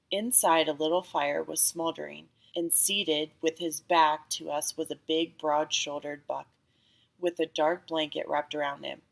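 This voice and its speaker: Low-voiced woman reading a story. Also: gravelly, fairly bright tone. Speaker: audiobook narrator. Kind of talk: scripted story narration.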